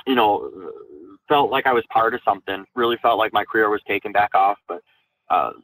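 A young man from Minnesota, an Army veteran, telling his own story candidly in an interview, with many halting fillers and restarts. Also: on the low side, fairly bright tone, no echo, low-quality recording. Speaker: guest, Army National Guard veteran.

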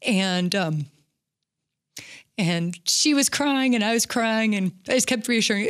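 A middle-aged woman telling a personal story as an interview guest, candid and halting, with many fillers. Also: mid-range voice.

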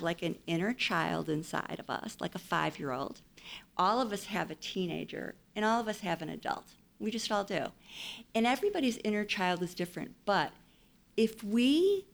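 A woman's voice: medium pitch, vocal fry. A woman counselor giving advice in a casual interview, explaining her points with playful acted-out quotes.

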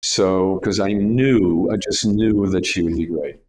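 A man's voice: deep voice, steady tone, unhurried, darkish tone. An older man, a retired casting director, tells anecdotes in an interview and acts out the voices of people he quotes. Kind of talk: storytelling interview.

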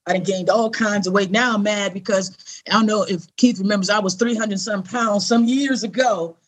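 A woman's voice: medium pitch, moderate pace. A middle-aged woman, an interview guest, telling a personal story in an earnest, conversational way and acting out the voices of people she quotes. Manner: animated, acts out quoted voices.

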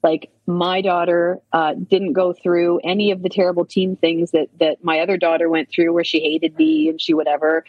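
Husky-voiced chatty woman guest. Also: fairly low pitch, normal speed, hardly any pauses, no room sound, dull audio. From Canada. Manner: chatty, animated storytelling with many asides. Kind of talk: casual chat.

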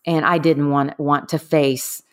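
A middle-aged woman candidly recounting her own experience in a conversation, earnest and a bit halting. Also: sits low, level tone. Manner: candid, earnest, trailing off with fillers. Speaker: guest. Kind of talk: personal storytelling in conversation.

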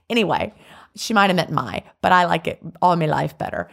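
A woman's voice: fairly low pitch, a little fast, gravelly. A woman co-hosting a podcast, chatting casually and reading listener letters aloud. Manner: laughs often, chatty and animated. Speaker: podcast co-host.

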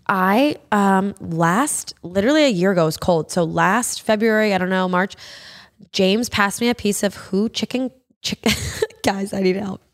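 A woman's voice: medium pitch, normal speed. A woman co-hosting a casual chat podcast, telling stories with lots of laughter and casual swearing. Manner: animated storyteller, laughs often, swears casually. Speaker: podcast co-host.

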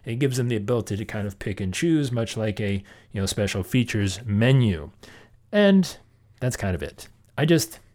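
A man's voice: mid-range voice, darkish tone. A man hosting a casual talk about insurance agency marketing, speaking conversationally with many fillers and restarts. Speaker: podcast host.

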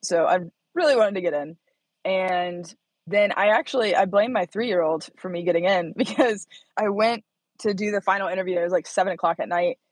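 Breathy woman from indiana, 30s, animated storyteller, laughs a lot, dry close sound. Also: mid-range voice, fairly quick, no room sound, low-quality recording. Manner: animated, laughs often, acts out quotes. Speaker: startup founder, guest. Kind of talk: casual interview storytelling.

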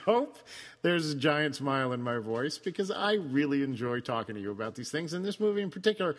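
A man co-hosting a podcast, chatting casually about a film, animated and teasing, laughing often. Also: fairly high pitch, a little fast, in a large hall. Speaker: podcast co-host.

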